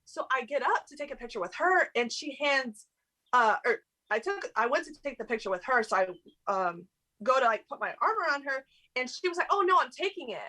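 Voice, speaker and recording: A woman's voice: sits high, lively intonation, brisk, pushed and bright, poor audio. A young adult woman, a guest actress, chatting casually in an interview with lots of fillers and laughs.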